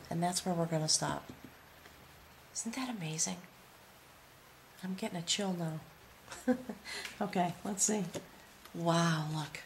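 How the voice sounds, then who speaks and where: A woman's voice: mid-range voice, slight background noise. Awed woman giving a tarot reading. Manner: awed and reverent, dropping to soft whispers. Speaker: tarot reader.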